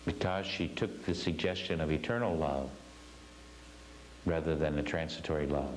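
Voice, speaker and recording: A man's voice: rumbling low, normal speed, a little hiss or hum, poor audio. A man teaching a spiritual class, telling a story earnestly and stressing his points with repeated phrases.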